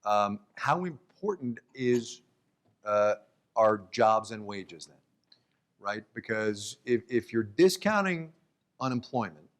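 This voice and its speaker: A man, a radio host, interviewing a guest onstage at a live event with quick interjections and questions stretched out by fillers. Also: on the low side, expressive, a bit bright. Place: downtown event hall with live audience.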